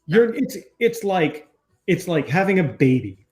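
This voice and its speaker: A man in his thirties co-hosting a casual chat, telling stories with emphatic, animated delivery. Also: high-pitched, slow pace. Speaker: co-host.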